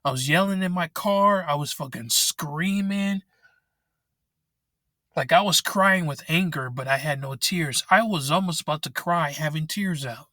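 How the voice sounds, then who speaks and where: A man's voice: a little high, measured pace, bright, forceful tone, no room sound, studio quality. Angry man ranting in his car. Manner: angry, frustrated, swearing often. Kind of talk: ranting vent vlog. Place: inside a parked car. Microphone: laptop microphone.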